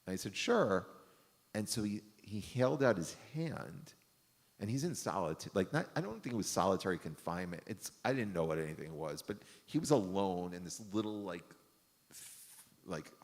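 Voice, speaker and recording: Low-voiced rabbi, rambling talk. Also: male voice. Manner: rambling, many fillers and self-corrections. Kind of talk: casual storytelling talk. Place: synagogue hall. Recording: long hall reverb.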